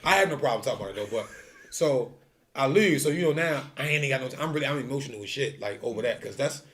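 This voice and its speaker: A man telling a story in casual chat, animated and full of slang, acting out quotes. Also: fast. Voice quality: heavy profanity and slang. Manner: animated storyteller, acts out quotes with rising pitch. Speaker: streetball tour organizer.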